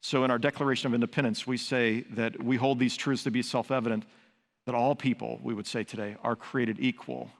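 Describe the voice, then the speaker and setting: A man's voice: mid-range voice, level tone, brisk, creaky. An older man preaching a sermon, earnest and conversational, mixing teaching with personal stories. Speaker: pastor. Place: large church sanctuary. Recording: long reverb of a large sanctuary.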